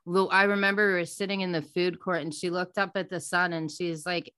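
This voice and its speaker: A woman hosting a casual podcast, telling stories in an animated, blunt way and swearing freely. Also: fairly low pitch, a little fast, slight background noise.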